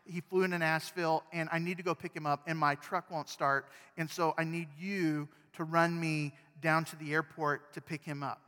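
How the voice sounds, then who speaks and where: A man's voice: a little high, little pitch movement, sharp tone, clear, resonant tone, long reverb tail. A man voicing a pushy, pleading male neighbor who urgently begs for a favor. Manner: urgent, pushy, talking fast.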